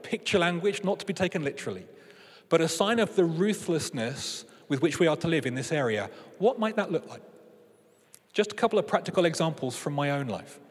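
A male preacher giving a sermon, moving from animated comic storytelling to earnest teaching. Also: on the high side, a little fast, slightly rough, big-room sound.

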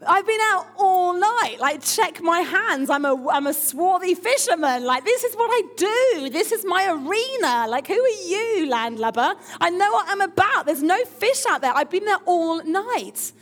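A woman preacher voicing a proud, blustering male fisherman who turns awestruck, in a loud, indignant manner. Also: big pitch swings, unhurried, few pauses, exaggerated voice. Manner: indignant, boastful, high and loud.

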